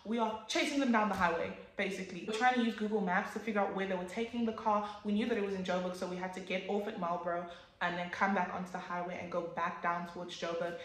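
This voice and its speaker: Young woman vlogger, animated swearing storyteller, echoey room. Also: mid-range voice, fast talker. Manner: animated, swears, acts out quotes with sudden loud jumps. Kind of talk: casual storytime.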